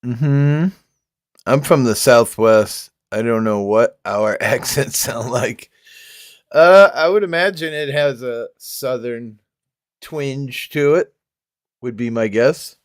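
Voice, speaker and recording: A man's voice: mid-range voice, slow pace, dry recording, studio quality. A man with toothless, gummy speech, chatting casually on a livestream, laughing often and reading comments aloud. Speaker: livestream host reading chat.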